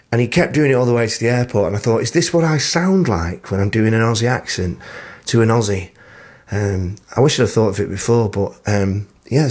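Husky Mancunian man presenting radio. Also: on the low side, a little mellow. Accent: Mancunian English. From Manchester, England. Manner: chatty, self-deprecating, frequent "uh" fillers. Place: small house at home.

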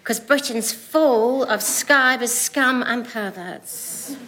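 An actress playing a pious, gossiping older widow, prim and matter-of-fact in a sitcom. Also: female voice, on the high side, slow, pushed and bright. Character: prim, gossiping old widow who writes poison-pen letters. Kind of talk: sitcom acting.

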